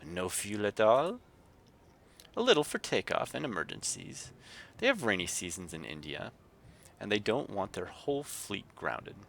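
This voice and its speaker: A man's voice: fairly low pitch, big pitch swings, normal speed, creaky, fairly bright tone. A man livestreaming a game, reading its text aloud and chatting casually with viewers. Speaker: streamer.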